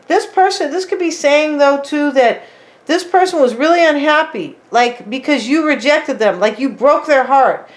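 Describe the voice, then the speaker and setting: Chatty woman with a higher voice reading tarot. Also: moderate pace. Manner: chatty, tags lines with "right?" and "like"; talks straight to viewers as "you guys". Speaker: tarot reader. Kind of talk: casual tarot reading to viewers.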